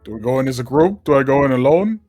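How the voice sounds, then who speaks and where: A young man playing in a tabletop role-playing game, his voice at a middle pitch. He speaks hesitantly, restarting and repeating words as he works out what to do. Faint music sits in the background. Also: lively intonation, quick pace, darkish tone, no echo. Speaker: player. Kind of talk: casual tabletop play.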